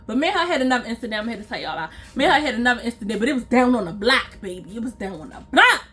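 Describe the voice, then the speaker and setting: Speaking straight to her viewers, a woman vlogger tells a personal story casually and with lots of energy in a high, bright voice at a very fast pace. She repeats phrases to drive points home and acts out what people in the story said, over soft background music.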